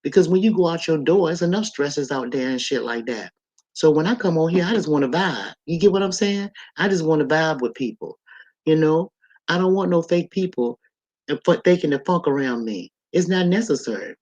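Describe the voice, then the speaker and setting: A man's voice: a little high, animated, normal speed, darkish tone, muffled recording. Blunt, rambling livestream host, a man. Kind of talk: casual livestream monologue.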